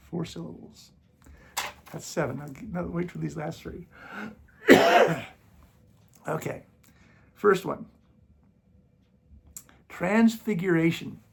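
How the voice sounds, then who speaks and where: A man's voice: a little high, creaky, slight background noise. A man hosting his own channel, arguing against critics in casual commentary, sarcastic and mocking, and coughing now and then. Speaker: YouTube channel host.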